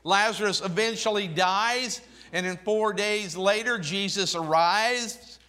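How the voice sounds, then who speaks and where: A man delivering a sermon at an unhurried pace, his voice bright and a little high for a man. He swings between soft, low-voiced phrases and raised, emphatic ones, and reads scripture aloud in old-fashioned wording. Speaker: preacher.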